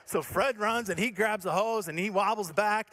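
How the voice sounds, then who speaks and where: Man, pastor, sermon storytelling, high voice, self-mocking, animated. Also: normal speed. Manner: animated, self-mocking storyteller who acts out his own panic. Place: church stage.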